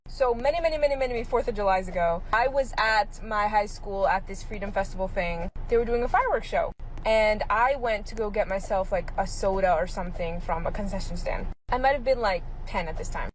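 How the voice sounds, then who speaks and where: A woman in her early twenties telling personal stories in a chatty, expressive way, with quick asides to her viewers. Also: mid-range voice, slight background noise, low-quality recording. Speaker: storyteller. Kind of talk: casual storytime narration.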